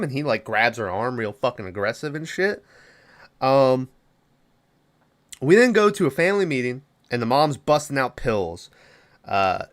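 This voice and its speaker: A young man hosting a podcast, retelling a horror film's plot in a loose, profane way with quick quoted asides. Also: on the high side, fairly bright tone. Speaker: podcast host. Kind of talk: casual movie recap.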